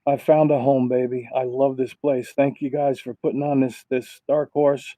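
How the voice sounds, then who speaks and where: A man, a race car driver, giving rambling, heartfelt thanks and shout-outs with lots of fillers on a racing broadcast. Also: medium pitch, level tone, normal speed, no echo, low-quality recording.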